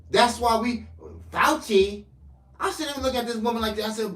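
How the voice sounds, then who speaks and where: A man delivering a profane ranting political monologue to camera, swinging between loud outbursts and low mutters. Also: normal speed, roomy sound. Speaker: political commentator.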